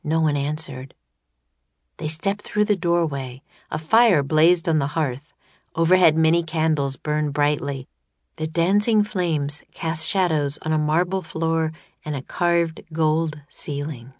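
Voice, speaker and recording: A woman narrating a children's audiobook in a steady, measured reading voice. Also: sits low, no room sound.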